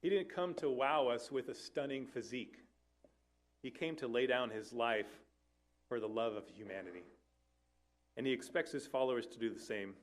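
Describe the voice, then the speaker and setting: A man's voice: medium pitch, moderate pace, pauses often. A man, a family life minister, preaching an earnest sermon to a church, with conversational asides and occasional self-corrections.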